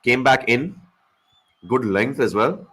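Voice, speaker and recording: A man chats through a live cricket match with a friend, cracking jokes, swearing freely and needling his co-host between calls on the play. His voice sits at an ordinary middle pitch for a man. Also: animated, slow pace, a bit bright, slightly rough. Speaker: cricket watch-along co-host. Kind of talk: casual live-stream chat and commentary.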